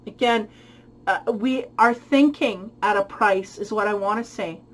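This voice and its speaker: A woman's voice: mid-range voice, a little slow, low-quality recording. A woman giving a spiritual tarot reading who muses aloud, searches for her words and often breaks into light laughter. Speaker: tarot reader.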